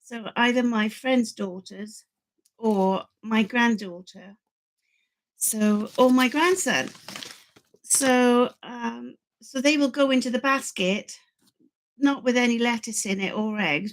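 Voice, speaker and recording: An older woman talks slowly and excitably to her live viewers, restarting her sentences often. Her voice sits a little high. Faint noise hums under the recording. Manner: chatty, rambling, excitable, with many restarts. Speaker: channel host. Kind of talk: live stream chat with viewers.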